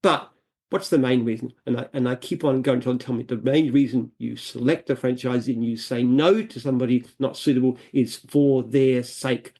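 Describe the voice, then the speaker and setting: An Australian man speaks as an interview guest, earnest and emphatic. He often repeats himself as he builds a point. His voice sits at a middle pitch. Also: steady tone, normal speed, mellow. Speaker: franchise founder, guest. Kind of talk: interview answers.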